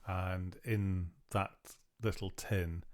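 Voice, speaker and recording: A man with a lowish voice hosts a podcast in loose, casual chat. He rambles and keeps circling back with fillers. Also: fairly even intonation, very slow. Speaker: podcast host.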